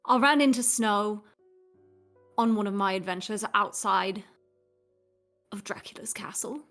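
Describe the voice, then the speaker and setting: A woman's voice: medium pitch, unhurried, fairly bright tone, soft background music. A woman voicing a friendly adventurer, speaking in a reassuring way. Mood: kind.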